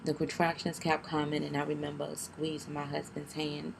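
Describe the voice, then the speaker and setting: A young woman tells a painful personal story to her camera, in a low, gravelly voice that barely rises or falls. She speaks haltingly and tearfully, restarting often and keeping her voice down. Clear noise runs behind her recording. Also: monotone. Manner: keeps her voice down. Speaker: vlogger.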